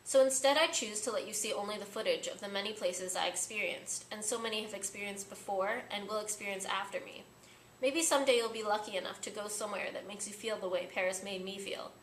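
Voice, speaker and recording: A woman's voice: medium pitch, fast talker. A young woman vlogger narrating a reflective voice-over in a thoughtful, earnest manner. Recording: echoey room with faint noise.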